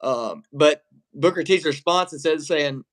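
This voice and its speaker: A man's voice: on the high side, normal speed. A man co-hosting a wrestling reaction stream in casual, rambling chat, swearing freely. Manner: rambling, profane, laughs while talking. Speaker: wrestling show co-host.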